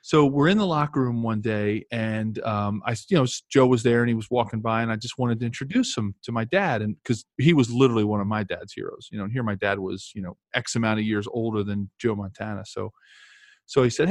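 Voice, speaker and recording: Recorded dry and clean in a studio, a fairly low-voiced man in his fifties talks at a quick pace. A former pro football player, he tells rambling, casual stories loaded with fillers and restarts.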